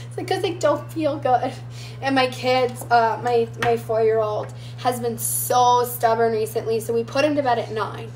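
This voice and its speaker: A fairly high-voiced young woman chats her way through a cooking demo, talking straight to her viewers and answering their comments. She is getting over a lost voice. The kitchen sounds echoey, with faint noise behind her. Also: fairly even intonation, a little slow. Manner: chatty, talks to viewers as "you guys" and answers comments. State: recovering from a lost voice. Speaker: cooking show host. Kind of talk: chatty live cooking demonstration. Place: home kitchen.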